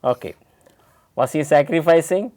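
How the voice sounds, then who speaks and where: A man's voice: fairly high pitch, expressive, normal speed, a little mellow, dry recording. A man with an Indian English accent teaching an English lesson, asking a student questions and explaining step by step.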